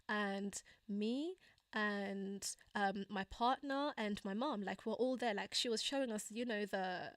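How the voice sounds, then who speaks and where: A young woman telling a personal story on a casual livestream, with plenty of fillers and asides. She slips into a higher voice to act out quoted lines and laughs often. Her voice sits in an ordinary middle pitch, recorded close and dry. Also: no room sound. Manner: acts out quoted dialogue in a higher voice. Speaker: channel host.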